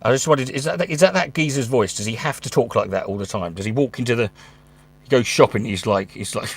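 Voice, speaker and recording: A man's voice: mid-range voice, brisk, breathy edge. A man, a stand-up comedian, talking casually at home in a rambling, sweary, stop-start way. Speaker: stand-up comedian and channel host. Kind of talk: casual monologue. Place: his room at home.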